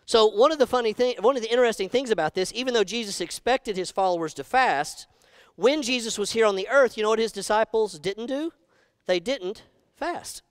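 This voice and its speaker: A pastor preaching in a high, smooth, resonant voice. He is animated and emphatic and keeps asking his congregation questions. The sound is dry and close. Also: a little fast, no room sound. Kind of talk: sermon. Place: church sanctuary.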